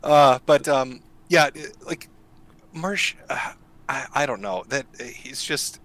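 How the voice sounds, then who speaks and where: A man in casual conversation, talking loosely with frequent fillers and quick laughs. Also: mid-range voice, animated, fairly bright tone, no echo, low-quality recording. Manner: chatty, laughs often, lots of fillers. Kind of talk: casual chat.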